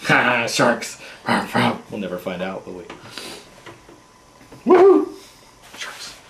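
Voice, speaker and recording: A young father playing with his toddler at home, talking in exaggerated sing-song baby talk that leaps into a high voice. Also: measured pace, creaky. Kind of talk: playful home video chat with a small child. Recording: echoey room with loud background noise.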